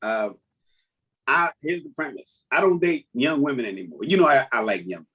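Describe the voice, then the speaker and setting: Husky man, high lively voice, comedian telling jokes on a podcast, laughs at his own lines. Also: moderate pace. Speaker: comedian guest. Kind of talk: casual podcast chat.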